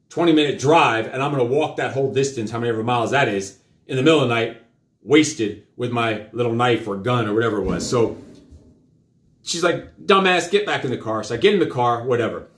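A man hosting a live show, telling a story to his children in a rambling, profane, casual way. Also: mid-range voice. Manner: rambling, profane, with many fillers. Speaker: host and father. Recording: roomy echo.

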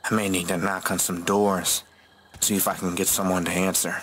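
A man voicing a flat, weary pastor. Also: low voice, moderate pace, a little hiss or hum. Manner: flat, tired, muttering. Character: weary pastor, the stranded protagonist.

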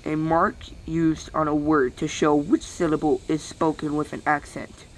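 Slow, halting dictionary reader. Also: medium pitch, level tone, low-quality recording. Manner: halting, stumbling over words with weary sighs. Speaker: channel host reading aloud. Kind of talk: reading a dictionary aloud.

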